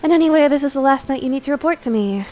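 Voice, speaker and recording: A woman voicing a stern young nun who answers in a flat, measured, deadpan way, reading a game's dialogue on stream. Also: high voice, faint music behind, low-quality recording.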